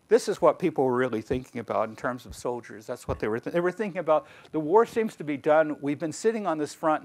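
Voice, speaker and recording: A man giving a conversational history lecture with slides as a guest speaker, wry and digressive. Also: mid-range voice. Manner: wry, digressive, lively storyteller.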